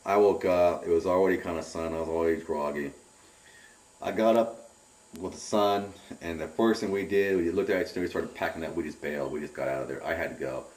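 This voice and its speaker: A middle-aged man giving a rambling, animated personal account in an interview, often repeating his words. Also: deep voice, a little fast. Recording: roomy and distant from the mic.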